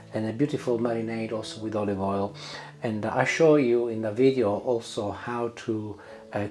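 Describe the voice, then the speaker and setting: Cooking and tasting in his home kitchen, this channel host talks to camera in a low, mellow voice. His chat is casual and peppered with "uh" fillers.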